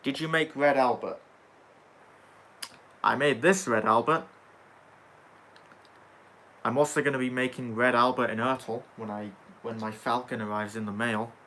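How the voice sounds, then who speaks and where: Bright-voiced young man reading livestream chat. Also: mid-range voice, steady tone, unhurried, long pauses, slight background noise. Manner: sarcastic, swears casually.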